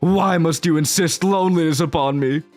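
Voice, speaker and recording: A man's voice: a little high, moderate pace, a little mellow, faint music behind, voice pushed up, close to an everyday voice. A man voicing a lonely, clingy talking train from a video game who pleads to keep a friend forever. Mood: bitter.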